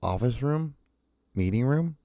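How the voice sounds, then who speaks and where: A man's voice: medium pitch, animated, measured pace, warm tone, no room sound, clean studio sound. A young man hosting a podcast, telling a rambling story in casual chat, swearing often and restarting his sentences. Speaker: podcast host.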